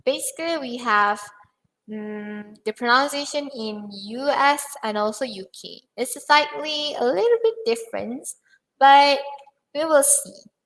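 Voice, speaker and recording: A woman's voice: sits high, lively intonation, measured pace, a bit bright, poor audio. A young woman teaching English pronunciation in an online lesson, patiently repeating words for learners.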